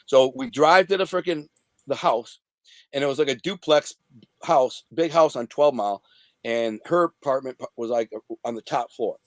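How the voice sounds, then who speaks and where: A man's voice: medium pitch, moderate pace, no room sound. A man from the Detroit area, an interview guest telling a story in profane street slang and acting out the scenes. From Detroit area, USA. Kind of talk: casual storytelling.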